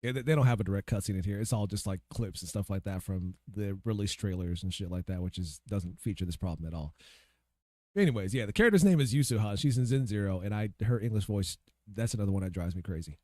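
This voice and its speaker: A man's voice: fairly low pitch, fast talker, a little mellow, no echo, studio quality. A man giving casual, profane commentary while playing a game, ranting and talking to himself. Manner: ranting, swears freely, talks to himself while searching. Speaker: gaming video creator.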